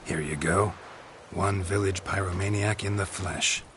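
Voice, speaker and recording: An actor playing a gruff middle-aged monster hunter in a video game, speaking in dry, clipped, unhurried lines. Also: male voice, deep voice, fairly even intonation, a bit bright, slight background noise.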